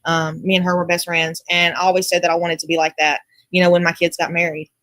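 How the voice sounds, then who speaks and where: A woman's voice: on the low side, flat delivery, fast, fairly bright tone, no room sound. A middle-aged woman, chatting casually about her family as a podcast co-host, rambling with many fillers.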